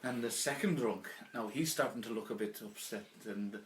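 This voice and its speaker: A man's voice: fairly low pitch, moderate pace. A man doing a stand-up routine of pub jokes, rambling through his stories with lots of restarts and fillers. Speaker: comedian. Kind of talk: stand-up pub joke telling.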